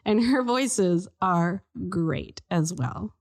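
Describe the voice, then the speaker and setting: A woman's voice: lowish voice, extremely slow. Chatty woman podcast host. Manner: animated, plays with silly voices while telling parenting tips. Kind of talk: casual chat.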